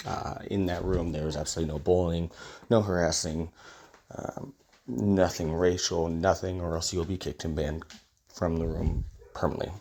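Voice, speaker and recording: A man's voice: sits low, level tone, fairly quick, darkish tone, breathy edge. A man who is sick, his voice slightly off, giving a casual, conversational game guide as a YouTuber. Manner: conversational and explanatory, wry. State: sick, voice a little off.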